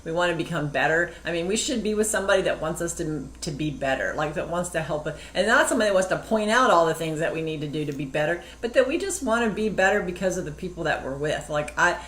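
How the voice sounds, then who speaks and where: A woman's voice: on the low side, expressive, fast talker, hardly any pauses, a bit bright. Earnest woman in an echoey room. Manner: earnest, rambling with restarts. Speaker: co-host of a marriage show. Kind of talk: casual chat.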